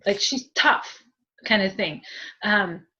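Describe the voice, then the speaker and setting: A woman leading a spiritual group reading as a medium. She talks in a chatty, giggly way, full of fillers and thank-yous, at a middle pitch. The sound is dull and lo-fi. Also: slow pace, sharp tone.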